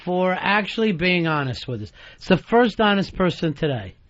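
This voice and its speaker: A man's voice: high voice, very animated, moderate pace, a bit bright, lo-fi sound. A man hosting a talk radio show, blunt, profane and teasing as he takes calls. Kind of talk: casual talk radio banter.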